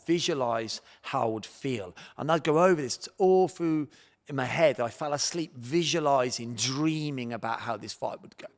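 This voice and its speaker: Man with an English accent telling a lively life story in a reverberant hall. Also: medium pitch, moderate pace. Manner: animated storyteller, acts out his own past thoughts. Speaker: guest, martial arts champion. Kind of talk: storytelling podcast interview.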